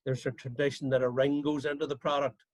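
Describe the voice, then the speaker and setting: A man's voice: mid-range voice, flat delivery, fast talker, no echo, low-quality recording. A man from a bakery, explaining his products steadily with fillers on a video call. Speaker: bakery guest. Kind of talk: casual chat on a video call.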